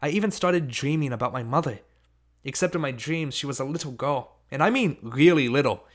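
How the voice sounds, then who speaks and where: A man reading a novel aloud as an audiobook. His voice sits in a mid range, and he carries the first-person story along at an even, steady pace. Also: mid-range voice, fairly quick. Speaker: audiobook reader. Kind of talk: audiobook narration.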